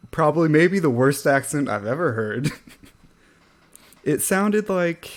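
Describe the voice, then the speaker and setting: A man co-hosting a podcast in casual chat, wry and self-deprecating, often trailing off into a laugh. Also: mid-range voice. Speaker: podcast co-host.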